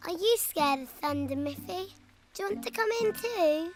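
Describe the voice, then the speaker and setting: A woman's voice: extremely high pitch, animated, normal speed, faint music behind. A woman voicing a timid, easily frightened little pig in a children's cartoon, with a worried, hesitant way of talking.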